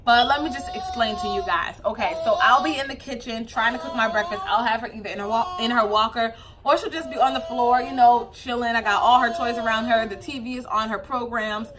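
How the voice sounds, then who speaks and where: A young woman vlogging as a new mom, chatting casually to camera with a loose, animated flow and many fillers. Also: a little high, a little fast, hardly any pauses, music in the background.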